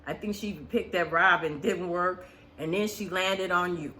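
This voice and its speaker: Woman, reality TV recap host, blunt, swears freely, bright tone. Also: lowish voice, normal speed. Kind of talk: casual reality TV recap commentary.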